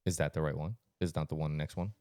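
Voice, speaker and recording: A man in his thirties hosting a podcast, telling stories in a casual, animated, swearing style and acting out voices. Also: extremely low pitch, fast talker, clean tone, no room sound. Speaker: podcast host. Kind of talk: casual chat, storytelling.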